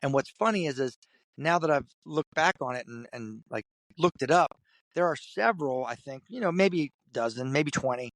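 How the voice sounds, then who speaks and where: A man guest in an interview, from Kentucky, telling a story in an animated way and putting on the voices of the people in it. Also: medium pitch, moderate pace, no echo. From Kentucky, USA. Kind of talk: storytelling in conversation.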